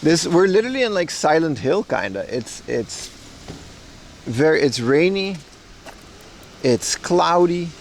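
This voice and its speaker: A man's voice: on the high side, very animated, a little slow, gravelly, pauses often, slight background noise, rough recording. Chatty man streaming outdoors in rain. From Netherlands. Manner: chatty, rambling, laughs often. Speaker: livestream host. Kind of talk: casual IRL livestream chat. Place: outdoors on rainy mountain town streets, walking.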